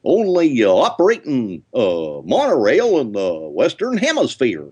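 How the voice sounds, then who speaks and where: A man's voice: medium pitch, huge pitch swings, unhurried, a little mellow, husky, dull audio, full character voice. A man voicing a goofy, dim, cheerful cartoon dog giving an announcer spiel.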